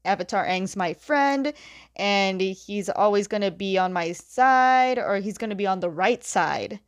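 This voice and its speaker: A woman's voice: mid-range voice, expressive, unhurried, smooth. A woman voicing a stubborn, conflicted young male ruler as she retells a story, talking in a defiant, indignant way.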